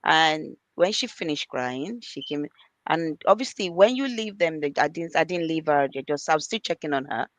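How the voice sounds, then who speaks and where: Her voice sits low and expressive at a moderate pace, captured in a dry recording. She's a middle-aged early years practitioner on a panel, earnestly advising parents, repeating her main points and acting out dialogues with children.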